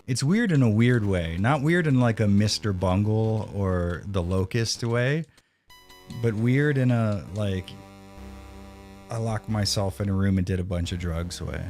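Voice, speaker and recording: A man's voice: fairly low pitch, a little slow, darkish tone, soft background music. A man streaming a retro video game live, chatting casually with profane, sarcastic banter. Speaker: streamer playing a retro game and reading chat.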